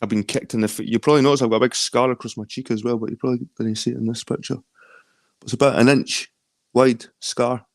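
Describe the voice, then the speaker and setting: A man's voice: medium pitch, steady tone, fast, dry recording, studio quality. A man with a Scottish accent in a rambling, casual late-night chat, swearing freely. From London. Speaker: chat guest.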